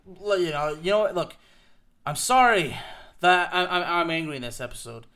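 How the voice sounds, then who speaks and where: Fired-up man ranting, high voice. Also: lively intonation, moderate pace, bright, forceful tone. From United States. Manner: emphatic, repetitive, fired-up ranting with frequent "okay?". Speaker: podcast host. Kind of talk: ranting soccer commentary.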